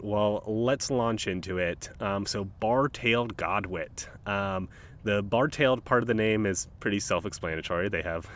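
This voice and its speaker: A low-voiced man hosts his nature podcast in an easygoing, chatty way, sprinkling his talk with ums and uhs. He records outdoors at the water's edge in a park. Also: fairly bright tone. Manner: laid-back, rambling, frequent ums and uhs. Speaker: podcast host. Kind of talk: casual solo nature podcast.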